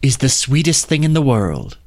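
A man's voice: medium pitch, sing-song, normal speed. A man reading a storybook, voicing a devoted mother goddess who speaks tenderly and soothingly to her son.

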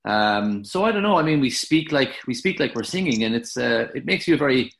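A man from Ireland with an Irish accent, a podcast guest who talks in a casual, halting way with many restarts and fillers. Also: medium pitch, lively intonation, gravelly, a bit bright. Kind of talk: casual interview chat.

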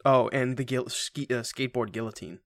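Excitable guy on a podcast, swears a lot, dry close sound. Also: a little fast, dry recording. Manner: excitable, crude, acts out quotes in a high voice. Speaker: podcast co-host. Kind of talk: casual chat.

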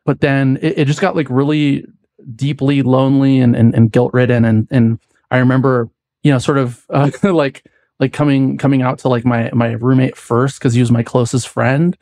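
A mid-pitched man tells a long personal story on a podcast, circling back with restarts and filler words. His voice sits close and dry on the mic, with no room sound around it. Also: little pitch movement, moderate pace, darkish tone, dry recording. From United States. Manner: rambling, many likes and restarts. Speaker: podcast guest. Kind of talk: casual storytelling chat.

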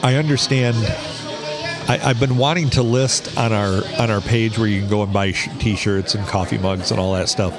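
A man's voice: on the low side, fairly even intonation, moderate pace, over music. A man co-hosting a podcast, telling stories and complaining wryly in casual banter. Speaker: podcast co-host.

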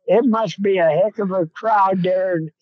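High-pitched guy rambling through hunting yarns, dry muffled line. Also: measured pace, no echo. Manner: rambling folksy storyteller. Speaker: guest, coon hunter. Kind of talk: casual storytelling on a phone-in. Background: on a road, seeing a deer across it.

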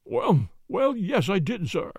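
A frightened, deferential butler, as a man reading a mystery puts him on. He stammers and pleads, his voice sitting high with a gravelly catch, recorded dry and close. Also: big pitch swings, slow pace, a little mellow, no room sound, full character voice. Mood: pleading. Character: anxious, cringing middle-aged English butler. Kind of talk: audiobook character voice.

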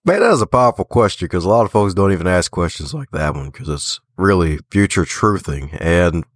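A man from the Baltimore area, an author and podcaster, telling stories in a lively, folksy way during a remote interview. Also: low-pitched, brisk, no room sound, studio quality. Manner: animated storyteller, folksy phrasing, laughs often. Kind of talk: casual conversational interview.

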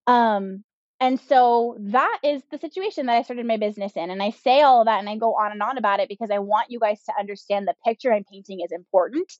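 A woman in her thirties speaks as a podcast guest, sharing her own story in a candid way. She leans on "like" and "um" as she talks, and her voice sits a little high. The recording is dry and slightly dull. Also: fast talker, a little mellow, no room sound. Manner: candid, with frequent "like" and "um" fillers. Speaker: podcast guest, business owner. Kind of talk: personal storytelling in an interview.

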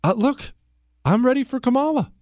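A man's voice: extremely high pitch, lively intonation, moderate pace, a little mellow, slight background noise. A man hosting a political talk radio show, sarcastic and mocking, often laughing at his own remarks. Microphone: studio microphone.

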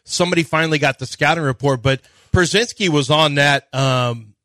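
A man co-hosting sports radio, breaking down pitching in an analytical way. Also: moderate pace, bright, forceful tone, dry recording. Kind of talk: casual sports talk.

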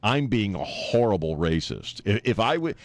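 A man's voice: fairly low pitch, sing-song, moderate pace, dry recording. A middle-aged man hosting a talk radio show, rambling and joking in casual banter. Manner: rambling, joking, laughs often.

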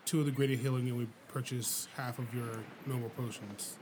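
A man's voice: mid-range voice, fairly even intonation, brisk, a little mellow, slight background noise. A man playing a tabletop game, earnestly bargaining with the shopkeeper. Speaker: player. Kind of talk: casual tabletop play.

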